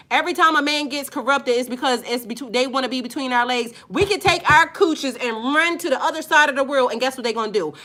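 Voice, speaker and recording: A woman talks straight to her viewers in a high, bright voice. She is blunt and profane, leans hard on her points and drags out the words she stresses. It sounds like an unscripted video talk. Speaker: spiritual life coach.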